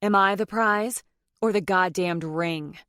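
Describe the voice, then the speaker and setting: A woman narrator voicing a fiery, sharp-tongued young bride. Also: mid-range voice, slow pace, clear, resonant tone, no room sound, studio quality. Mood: defiant cutting. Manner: cutting, defiant.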